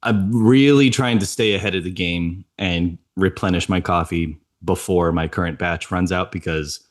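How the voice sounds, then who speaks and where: A man's voice: low-pitched, moderate pace. A man co-hosting a podcast, telling a chatty story and laughing often. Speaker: podcast co-host. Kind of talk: casual chat.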